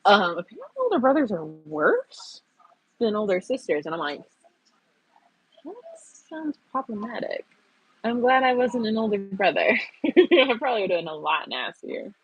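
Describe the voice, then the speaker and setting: A woman's voice: medium pitch, sing-song, moderate pace, slightly rough, no room sound, lo-fi sound. A young woman hosting a casual stream, telling stories and laughing often. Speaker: streamer host. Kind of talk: casual chat. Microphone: earbuds.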